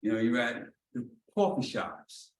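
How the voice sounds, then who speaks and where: A man telling a personal story during a training talk, casual and animated, often acting out the lines of the people in it. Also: medium pitch, a little slow. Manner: animated, acts out dialogue, often asks "you know what I'm saying". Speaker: executive director leading a training. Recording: roomy echo, mic at a distance, faint noise.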